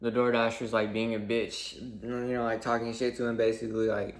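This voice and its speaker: A man's voice: medium pitch, flat delivery, moderate pace. A young man telling a story in a casual, rambling rant, swearing a lot and leaning on fillers like "like" and "basically". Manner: rambling, profane, full of fillers. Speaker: vlogger.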